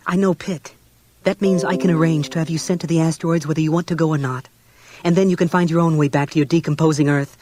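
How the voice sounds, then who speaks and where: A man's voice: fairly high pitch, no room sound, natural voice. A man voicing a fierce young mother and scientist who fiercely defends her baby. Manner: sharp, defiant.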